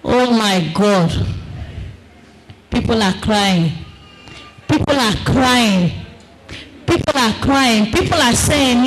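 A woman delivers a fervent religious testimony at an unhurried, drawn-out pace. She repeats phrases for emphasis and bursts into shouts. A faint hiss runs underneath. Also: fairly high pitch, low-quality recording. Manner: non-standard English grammar. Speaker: preacher giving testimony.

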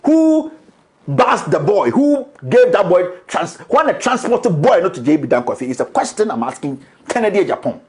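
A man with a Ghanaian accent makes a defiant public statement. His voice sits high and swings up and down a lot. He repeats himself and moves between English and Twi. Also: sing-song, normal speed.

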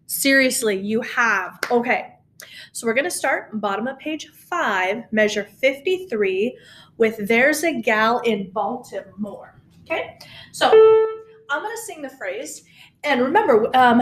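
Woman, choir teacher, high voice, cheerful and encouraging, clear coaching tone. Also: animated, moderate pace, fairly bright tone. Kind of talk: recorded singing lesson.

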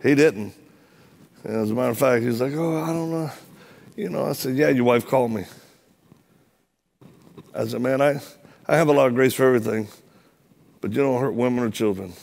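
Man, middle-aged, gravelly voice, lively joking sermon in a church. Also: medium pitch, a little fast, long pauses. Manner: animated, joking storyteller acting out dialogue. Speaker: preacher. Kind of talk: sermon with comic storytelling.

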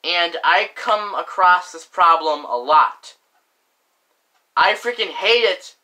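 A young man vents on camera in a slow, drawn-out way, leaning on filler words and mild curses. His voice is bright and a little tense, and his tone stays indignant and complaining throughout. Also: high voice, animated, rough recording. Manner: indignant, repeats "frickin'" and "like" often, lots of filler. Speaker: vlogger. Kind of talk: casual ranting monologue.

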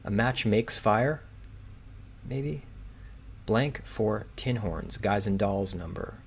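Thinking aloud while solving a crossword, this man reads each clue slowly and hesitantly, muttering guesses. His fairly low voice is expressive and gravelly. Behind it sit keyboard clicks and typing, plus a little hiss or hum.

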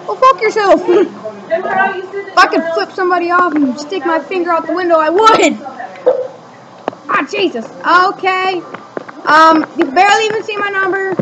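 A woman giving casual gameplay commentary as a channel host, excitable, shouting and swearing at other drivers. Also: very high voice, moderate pace, long pauses. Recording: light background noise.

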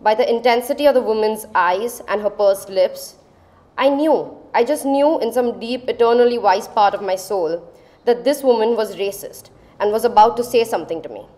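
A woman, telling a personal story on stage in a dramatic, measured way. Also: a little high, mellow. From India. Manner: dramatic, measured, lingering on phrases. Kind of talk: live storytelling performance.

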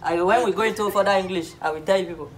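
A man's voice: high voice, rapid-fire. A man with a Nigerian accent playing a comic teacher in a skit. He lectures mock-earnestly, chuckles as he talks, and keeps asking whether the class is following.

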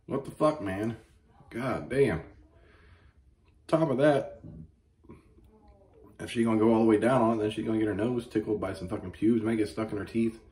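Low-voiced guy doing a crude mock-outraged rant, echoey room. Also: moderate pace, pauses often. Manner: profane, mock-outraged, animated storytelling. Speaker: comedy podcast host.

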